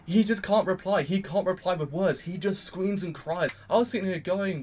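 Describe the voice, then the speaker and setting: A man giving a casual, rambling review of an anime episode, excitable and full of fillers. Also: high-pitched, normal speed, hardly any pauses, a little hiss or hum. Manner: rambling and excitable, heavy use of "like".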